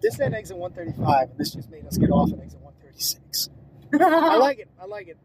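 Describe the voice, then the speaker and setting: A man's voice: sits high, huge pitch swings, quick pace. A man hosting a podcast as casual, profane banter from inside a moving car. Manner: profane, joking. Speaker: podcast host. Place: inside a car on a road trip. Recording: car road noise behind.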